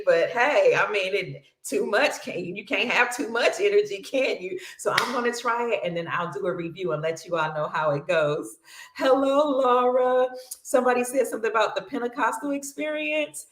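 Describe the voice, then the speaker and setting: Effusive woman host in an echoey room. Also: on the high side. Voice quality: long-winded and bubbly. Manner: effusive and affectionate, calls viewers honey, sister, brother and family. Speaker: livestream host. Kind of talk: casual livestream chat reading viewer comments.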